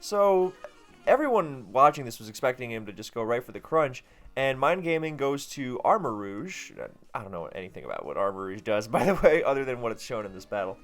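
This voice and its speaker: A man's voice: mid-range voice, sing-song, fairly quick. Guy rambling thru game commentary, chatty and jokey, faint music behind. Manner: chatty, self-deprecating, full of asides.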